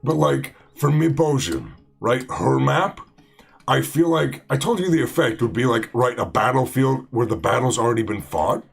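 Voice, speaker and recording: Gravelly guy rambling thru a let's play, lots of uh and like, pitch all over, music low behind. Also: animated, normal speed. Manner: rambling, full of fillers and restarts. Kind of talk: casual gaming commentary.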